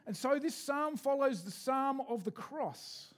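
A man preaching a sermon as pastor, leading the congregation in responses and reading scripture slowly. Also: very high voice, expressive.

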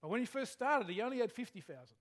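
A male preacher with a notably high voice gives a relaxed, conversational sermon. He keeps turning questions back to his congregation as he tells a story. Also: fast. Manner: chatty, asks the congregation questions. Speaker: pastor.

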